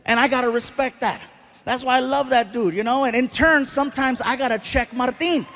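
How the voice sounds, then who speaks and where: A man with a strikingly high voice performs stand-up comedy on a live stage mic. He tells his stories in an animated way and slips into the voices of the people in them. A faint audience murmur sits behind him. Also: fairly quick, a little hiss or hum. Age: 30s. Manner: animated storytelling, acts out other people's voices.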